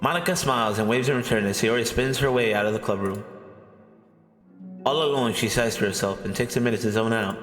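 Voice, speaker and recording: Brief: man streamer narrating a game, bright tone, soft and low-key, music underneath. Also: brisk, roomy sound, big-room sound. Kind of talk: reading a visual novel aloud on stream.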